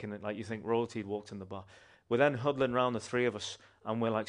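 A man from a church gives his personal testimony, speaking fast in a lowish voice. He's animated and conversational, often restarting his sentences.

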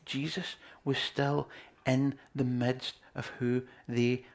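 A man preaching a sermon, earnest, moving between loud emphasis and quiet, near-whispered lines. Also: mid-range voice, flat delivery, takes it slowly, gravelly.

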